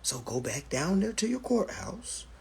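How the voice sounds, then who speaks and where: Male live-stream host, very husky, animated and expressive, talks straight to his viewers. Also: high-pitched, a little slow. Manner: animated, profane storytelling, addresses viewers as family. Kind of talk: casual live-stream talk.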